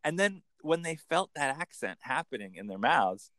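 Animated male accent coach, dry sound. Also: on the high side, dry recording. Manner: animated, lively storytelling with quick bursts into put-on voices. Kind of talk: casual interview chat.

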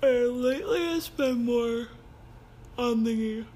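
A woman's voice: fairly high pitch, slow pace, dark tone, slight background noise. A young woman in college hosting her own podcast alone, chatting casually and rambling with lots of ums and self-corrections. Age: young adult. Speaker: podcast host. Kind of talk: casual solo podcast chat.

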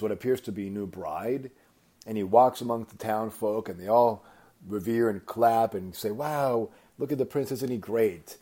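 A man, a company founder, telling a motivational story with emphatic, animated delivery and frequent repetition. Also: fairly low pitch.

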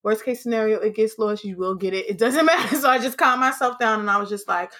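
A woman hosting a podcast, telling a story in casual, animated chat, swearing freely and acting out what people said. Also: a little high, fast talker. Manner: animated, swearing, acts out quotes. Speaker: podcast host.

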